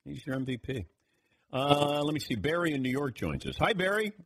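A man's voice: a little high, very animated, brisk, fairly bright tone. A man hosting a radio talk show, taking calls and joking with his crew. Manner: joking, laughs often, acts out voices in stories. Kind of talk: casual sports radio chat.

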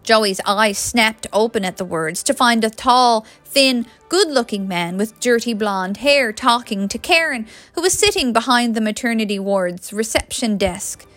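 A woman reading a story aloud in a steady, expressive storybook narration. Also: fairly high pitch, unhurried, few pauses, no room sound, soft background music. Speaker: audiobook reader.

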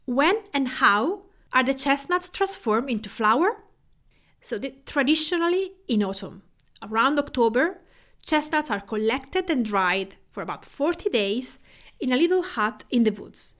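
A woman from Tuscany with an Italian accent, hosting a cooking podcast in a measured, scripted narration. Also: on the high side, fairly bright tone. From Tuscany, Italy. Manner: measured, list-like delivery with Italian food terms. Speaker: podcast host.

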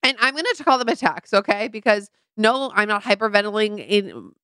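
Young woman rambling through an embarrassing story, smooth clear voice, dry close sound. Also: medium pitch, lively intonation, fairly quick, bright, forceful tone, no echo. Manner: candid, self-mocking storytelling with many fillers. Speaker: podcast co-host. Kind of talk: casual chat.

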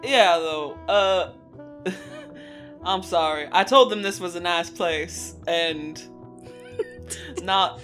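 An easygoing, worldly adventurer, voiced by a player close to their own voice, talking in casual, sheepish rambles. The tone is bright and forward at a middle pitch. Faint music plays under the voice. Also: very animated, drawn-out words, long pauses, heavily acted. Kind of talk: in-character tabletop role-play.

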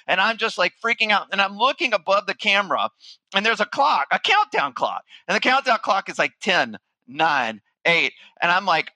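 A man's voice: high-pitched, sing-song, normal speed, sharp tone, no room sound, low-quality recording. A middle-aged man giving a keynote, telling a story with animation and acting out his own panic. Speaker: keynote speaker, marketing firm founder.

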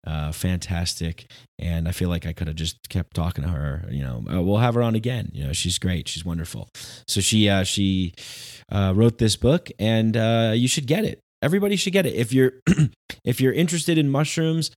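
A man hosting a podcast, talking in a loose, rambling monologue that turns sarcastic and animated. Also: lowish voice. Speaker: podcast host.

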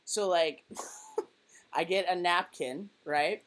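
Lively, low-pitched woman in her twenties. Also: drawn-out words. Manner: animated storyteller, many fillers. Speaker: podcast co-host. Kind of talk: casual chat.

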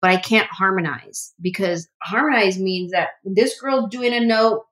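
A woman comedian as a podcast guest, telling animated stories and acting out her own quotes. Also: mid-range voice, measured pace. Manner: animated storytelling, acts out quotes. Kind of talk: casual interview chat.

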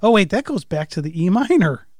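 A man's voice: high-pitched, sing-song, fairly quick, darkish tone. A man co-hosting a podcast, casually speculating about song lyrics and asking questions. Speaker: podcast co-host. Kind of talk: casual analytical chat.

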